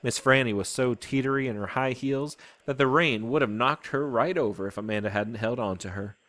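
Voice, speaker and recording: A man reading a children's novel aloud in an expressive way. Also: mid-range voice, brisk, no room sound. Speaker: storybook reader.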